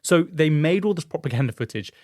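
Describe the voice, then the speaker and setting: A man hosting a podcast, telling a story in an animated, chatty way with frequent fillers. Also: fairly high pitch, fairly quick, no echo, clean studio sound. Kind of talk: casual storytelling chat.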